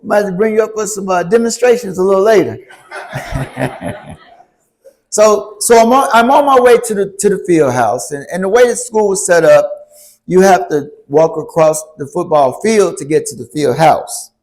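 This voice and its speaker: Man, youth speaker in a church, lively up-and-down delivery, fairly high voice, chatty storyteller. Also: normal speed. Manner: animated, asks the audience questions.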